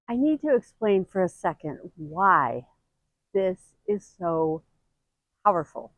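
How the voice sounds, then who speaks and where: Slow, earnest middle-aged woman. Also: no echo, rough recording. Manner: earnest, emotional, expressive, with sudden high bursts. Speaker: grief video host. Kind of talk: heartfelt talking-to-camera advice.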